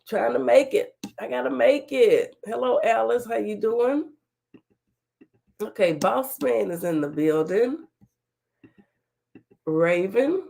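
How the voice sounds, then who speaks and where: Woman livestream host, kinda high gravelly voice, folksy and chatty, greeting everybody by name, still a lil under the weather. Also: slow, pauses often, mellow. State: recovering from illness, voice slightly off. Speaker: talk show host. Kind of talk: casual livestream chat greeting viewers.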